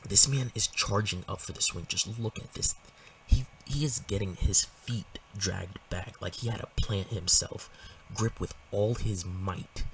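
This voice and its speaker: A man giving a casual, profane, animated breakdown of a comic, sometimes dropping into whispers for emphasis. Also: on the low side, a little slow, far from the mic, a little hiss or hum, poor audio. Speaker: manga commentator. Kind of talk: casual in-depth comic analysis.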